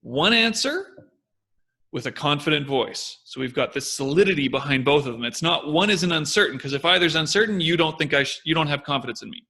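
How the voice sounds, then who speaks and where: A young man co-hosting a casual talk, explaining ideas in an animated way and acting out confident and hesitant voices. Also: fairly high pitch, fairly quick. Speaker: podcast co-host. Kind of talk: casual discussion.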